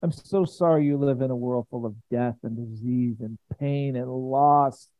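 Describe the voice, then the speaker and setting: Tender divine man played by a male preacher, slow soft pleading, middle pitch, dry thin phone-like sound. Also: no echo, natural voice. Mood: tender, aching. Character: tender, heartbroken divine man speaking to his friends.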